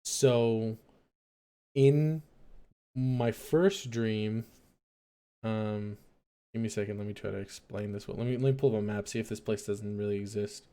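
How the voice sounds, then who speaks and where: Young male host, mellow tone, loose rambling monologue, lots of "like" and "um". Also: lowish voice, steady tone, measured pace, long pauses, clean tone. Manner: rambling, hesitant, filler-heavy, musing aloud. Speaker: late-night radio-style stream host.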